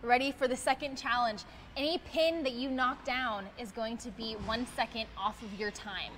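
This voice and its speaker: A woman hosting a quick-fire question game with a tennis player, bubbly and encouraging. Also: on the high side, steady tone, fairly bright tone, a little hiss or hum. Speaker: interviewer.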